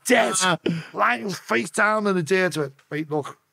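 A Liverpool man, guesting on a podcast, tells a story in a casual interview, his fairly high voice gravelly with a breathy edge and recorded close and dry. He swears constantly and takes his time, acting out the people he quotes with sharp, swinging pitch. He's highly expressive throughout.

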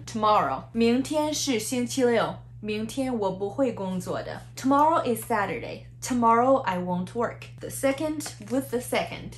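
A woman teaching a Mandarin lesson. She explains in English and demonstrates each tone with drawn-out syllables. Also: a little high, animated. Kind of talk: language lesson.

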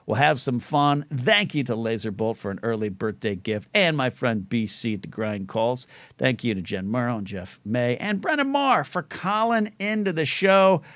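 A man's voice: medium pitch, expressive, normal speed, a bit bright, no room sound. Middle-aged Californian man, talk-radio style call-in host, rambling self-deprecating storyteller, dry close sound. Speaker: host of a live call-in show. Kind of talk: casual livestream talk-radio chat.

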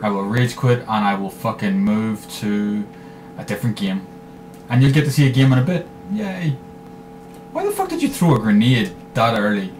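A man giving live commentary over his own shooter gameplay, swearing freely and trash-talking in bursts of excitement. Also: fairly low pitch, normal speed, soft background music. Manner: profane, excitable trash talk. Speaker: gaming commentator.

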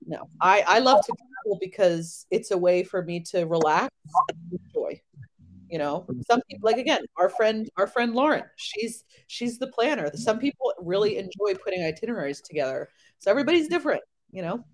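A woman in her thirties chats as a podcast guest, her voice sitting in an ordinary middle range. She tells her stories in an animated, rambling way, full of "like" and "you know." The delivery is casual and unscripted. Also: mid-range voice, fairly quick, rough recording. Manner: chatty, animated storytelling with many fillers. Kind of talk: casual chat.

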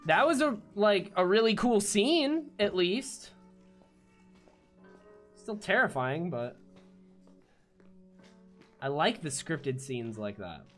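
A man giving live gameplay commentary as a let's play gamer, jumpy and swearing often with loud startled outbursts. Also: high-pitched, sing-song, slow, long pauses, soft background music.

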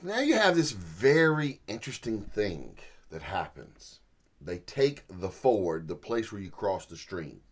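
A man teaching through a Bible passage in a folksy, animated storytelling way, chuckling as he goes. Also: low-pitched. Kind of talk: sermon-style Bible teaching.

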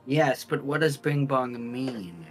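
A man at a tabletop game table speaking very slowly and hesitantly, filling gaps with "you know". His voice sits in a middle pitch, with soft music in the background. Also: animated. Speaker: player. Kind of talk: casual in-character play.

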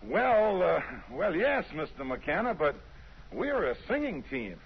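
A man's voice: high voice, very animated, a little slow, breathy edge, exaggerated voice. An actor playing an eager young man of a singing team, talking in a 1950s radio drama style with hesitant starts. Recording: dull old radio broadcast.

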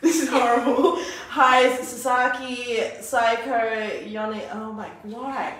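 A woman's voice: on the high side, steady tone, slow pace, a bit bright. A woman with an Australian accent reading out names hesitantly, with a giggly manner. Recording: echoey room from a distance.

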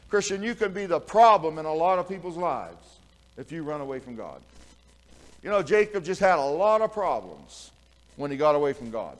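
A man preaching a Sunday sermon in a folksy, storytelling way. His voice sits at an ordinary middle pitch, dropping to hushed asides and then rising to loud, emphatic declarations, with chuckles at his own stories. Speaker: pastor.

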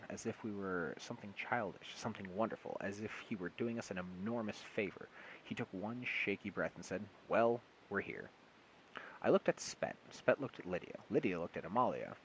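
A man's voice: fairly low pitch, a little hiss or hum, poor audio. A man reading a short story aloud in a casual single take, often stumbling and correcting himself, with amused asides. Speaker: audiobook reader.

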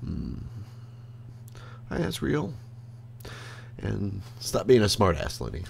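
A man's voice: lowish voice, huge pitch swings, takes it slowly, gravelly, a little hiss or hum. A man streaming a game, rambling to himself in casual commentary and swearing freely from his desk. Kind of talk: casual live gameplay commentary. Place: at a desk by a computer.

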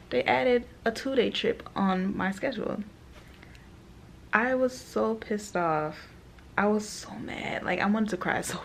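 Young woman, flight attendant vlogger, animated storytelling, low pitch, gravelly. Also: a little hiss or hum. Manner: animated storytelling, laughs often, quotes people. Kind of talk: casual vlog venting.

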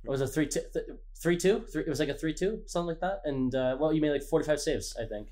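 A man's voice: fairly high pitch, fast talker, dark tone. A young man who is a podcast guest, chiming in with details and corrections in casual chat.

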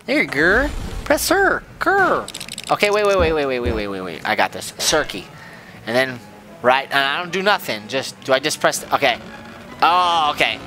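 A man hosting a let's-play, joking excitably as he plays a game, with game music behind him. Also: fairly high pitch. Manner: excitable, goofy, jokey. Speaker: gaming channel host.

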